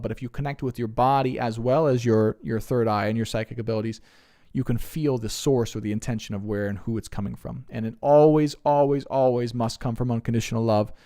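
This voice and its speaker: Rambling earnest man on a live stream. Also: mid-range voice. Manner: earnest, rambling, animated when retelling stories. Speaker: spiritual reader answering live chat. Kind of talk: casual live stream chat.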